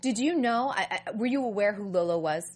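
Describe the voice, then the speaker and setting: A woman's voice: mid-range voice, lively intonation, brisk. A woman hosting a casual interview, chatty and friendly, often restarting her sentences. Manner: chatty, stumbling restarts, laughs easily. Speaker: podcast host.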